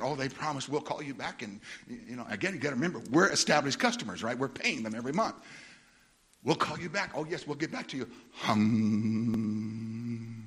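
A middle-aged man preaching a sermon, telling a story with humor, laughing often and mimicking other people in a high voice. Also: sharp tone, husky.

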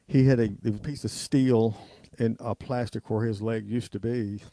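A man's voice: mid-range voice, steady tone, normal speed, warm tone, no echo. A man hosting a talk radio show, telling a long rambling story and ranting emphatically. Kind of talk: off-the-cuff radio monologue.

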